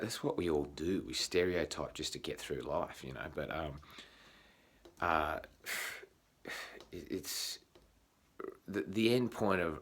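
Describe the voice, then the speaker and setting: Australian male vlogger, deep voice, loose off-the-cuff monologue, salty language, halting delivery. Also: fairly bright tone. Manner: frequent swearing, halting restarts. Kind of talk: casual rambling monologue.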